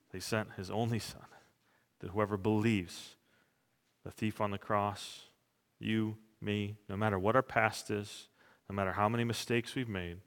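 A man's voice: lowish voice, gravelly, a bit bright. A middle-aged man preaching a sermon in an earnest, fervent way. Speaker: pastor. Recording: reverberant hall.

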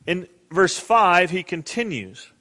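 A middle-aged man preaching a sermon as pastor, earnest and emphatic, dropping soft and quiet in prayer. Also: sits high, big pitch swings, slow pace, long reverb tail.

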